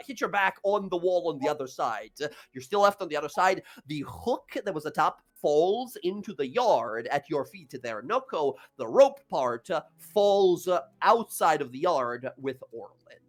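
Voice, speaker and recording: A man narrating as dungeon master, animated and full of fillers. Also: on the high side. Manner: animated, many fillers, voices guards and thugs. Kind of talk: narrating a tabletop game.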